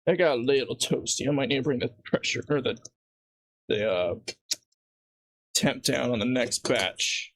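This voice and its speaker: A man's voice: medium pitch, normal speed, long pauses, a bit bright, no room sound. A man livestreaming while he cooks at home, rambling casually and laughing at his own jokes. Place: home kitchen.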